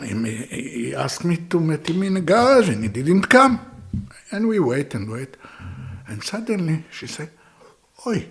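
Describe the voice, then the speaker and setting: A man speaking broken English with Hebrew as his first language, telling a story as an interview guest in an animated way. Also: a little high, measured pace, creaky.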